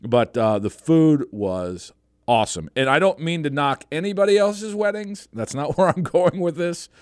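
Male radio host, chatty storyteller, animated delivery, dry close sound. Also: a little high, normal speed, clear, resonant tone, no echo. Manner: lively, rambling storyteller. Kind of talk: casual radio chat.

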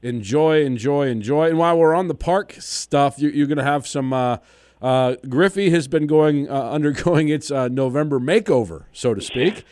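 A man's voice: fairly high pitch, moderate pace, darkish tone, dry recording, studio quality. A man hosting a radio interview, bantering in a jokey, playful way. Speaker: radio host.

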